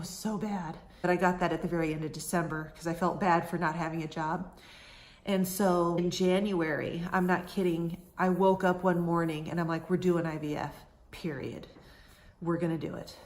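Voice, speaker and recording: A woman in her thirties candidly telling a personal story, with many "you know" fillers. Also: lowish voice. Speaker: vlogger sharing a personal story.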